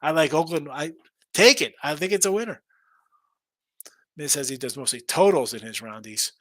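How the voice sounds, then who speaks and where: A man's voice: fairly high pitch, expressive, moderate pace, a bit bright, no echo. A man hosting a casual betting stream, rambling through picks, repeating himself and reading out chat messages. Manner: restarts and repeats words often. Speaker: sports betting show host.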